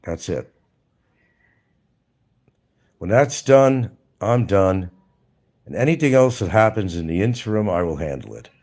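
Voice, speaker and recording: Deep-voiced man hosting a mocking livestream. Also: measured pace, pauses often. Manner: blunt, mocking, animated. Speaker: live stream host. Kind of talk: casual livestream monologue.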